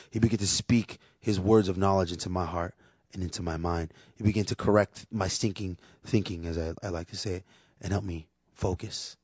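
Low-voiced man preaching, dull dry recording. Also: brisk, slightly rough, no echo. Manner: conversational, candid, acts out quotes in lively voices. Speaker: preacher and worship leader. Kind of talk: sermon.

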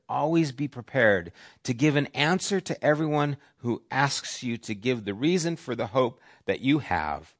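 A middle-aged man preaching a sermon as pastor, who swings between loud, emphatic lines and soft whispers. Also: medium pitch. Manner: varies volume, dropping to soft whispers for emphasis.

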